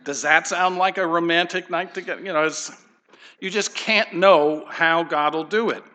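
A man's voice: a little high, moderate pace, pushed and bright. A middle-aged man, a pastor, giving a conversational sermon and putting questions straight to his congregation. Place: church sanctuary.

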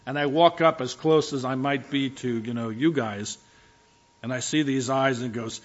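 A man's voice: mid-range voice, brisk. Male pastor, chatty sermon delivery, self-deprecating humor, stumbles and restarts; muffled lo-fi recording. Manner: frequent restarts and filler words. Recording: dull lo-fi recording.

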